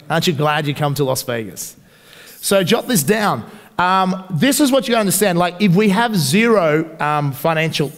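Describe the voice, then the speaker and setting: An Australian man giving a live seminar, energetic and asking the audience questions. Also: mid-range voice, long reverb tail. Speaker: seminar presenter. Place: large hall at a live seminar.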